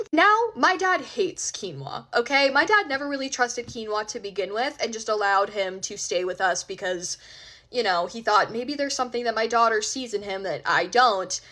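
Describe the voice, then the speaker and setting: A young woman telling a personal story in a casual vlog, animated, emphatic and exasperated. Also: fairly high pitch, fairly quick.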